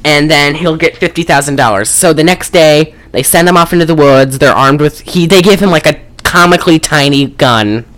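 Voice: mid-range voice, moderate pace, hardly any pauses, fairly bright tone. A podcast co-host recapping a movie in a casual, rambling way, full of swearing and fillers. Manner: profane, rambling, frequent fillers.

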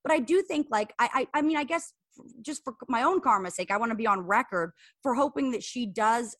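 A woman co-hosting a podcast in casual chat, animated and full of restarts. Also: fairly high pitch, dry recording, studio quality. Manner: animated, talks in rapid bursts with many restarts. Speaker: podcast co-host.

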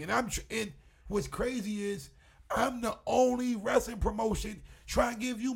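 Husky dude on a chill interview, kinda high voice, cussing a lot and getting animated. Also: male voice, measured pace. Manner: animated storyteller, swears freely. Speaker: wrestling promoter, guest. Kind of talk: casual interview chat.

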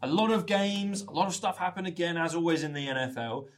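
A man's voice: fairly high pitch, brisk. Teasing Welsh man hosting a podcast. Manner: teasing, leads the talk and reads ad plugs. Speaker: podcast host. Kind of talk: casual sports podcast chat.

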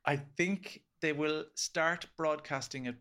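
A man's voice: fairly high pitch, measured pace, sharp tone. An Irish man chatting casually as a podcast guest, laughing easily and trailing off with fillers. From Ireland. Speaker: podcast guest, screenwriter and actor. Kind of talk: casual interview chat.

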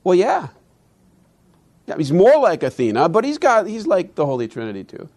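A man lecturing with the drive of a preacher. His voice sits a little higher than most men's. He keeps asking his listeners rhetorical questions and swings between quick asides and slow, stressed phrases. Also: huge pitch swings, darkish tone. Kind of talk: conference lecture on classical education.

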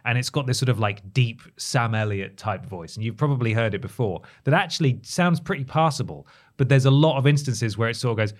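A man's voice: medium pitch, brisk. A man hosting a gaming podcast, talking bluntly and dismissively in casual chat. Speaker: podcast host.

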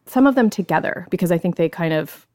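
A woman's voice: lowish voice, animated, quick pace, darkish tone, dry recording, clean studio sound. A woman hosting a podcast, chatting casually and reading out listener questions in a friendly way. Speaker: podcast host.

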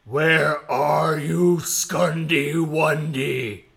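A man voicing a huge, angry male stone giant in a storybook reading, with a gravelly, slow growl. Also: mid-range voice. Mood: menacing growl.

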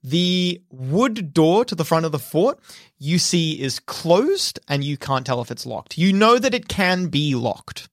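A game master narrating a tabletop horror game in a measured, descriptive way, slowing down for suspense. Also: medium pitch, big pitch swings, no echo, studio quality.

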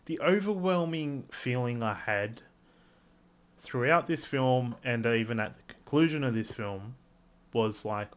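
Chatting loosely as a podcast co-host, the man sounds energetic and swears freely; his voice sits at medium pitch but jumps up when he's fired up.

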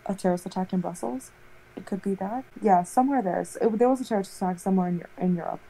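A young woman chats casually, rambling through a story and peppering it with "like". Her voice sits in a middle pitch with a soft, mellow tone. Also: very fast, rough recording. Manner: rambling, animated storytelling full of "like". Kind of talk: casual chat.

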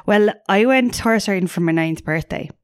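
A woman's voice: mid-range voice, moderate pace, dry recording, studio quality. A young Irish woman co-hosting a podcast, chatting casually and bluntly, swearing freely and laughing often. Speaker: podcast co-host. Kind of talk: casual chat.

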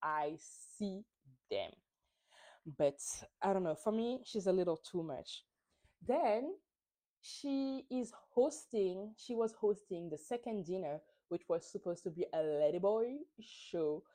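A woman's voice: mid-range voice, animated, measured pace, dark tone. A woman hosting a podcast, recapping a reality show in a casual, opinionated, gossipy way with lots of fillers. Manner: opinionated and chatty, with many fillers. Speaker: podcast host.

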